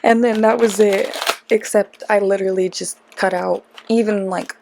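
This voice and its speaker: Chatty young woman with a gravelly edge. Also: medium pitch, fairly even intonation, normal speed, noisy background. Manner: rambling, self-deprecating, chatty asides. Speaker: tarot reader, channel host. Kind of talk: casual chatty tarot vlog.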